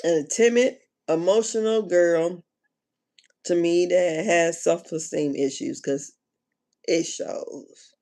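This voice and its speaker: A woman chatting casually on a live stream, animated and slangy, often laughing and exclaiming. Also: lowish voice, slow pace. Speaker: reality TV commentator.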